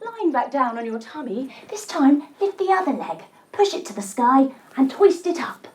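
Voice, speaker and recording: A woman telling a story as she leads a yoga lesson for children, playful and gentle as she guides each movement. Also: high voice, very animated, moderate pace. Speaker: kids' yoga instructor.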